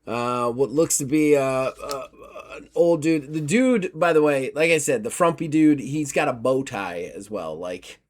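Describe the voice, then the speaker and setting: A man's voice: medium pitch, expressive, a little slow, hardly any pauses. A man running a tabletop horror game, narrating loosely with lots of fillers. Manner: loose, rambling with many fillers. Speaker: game master.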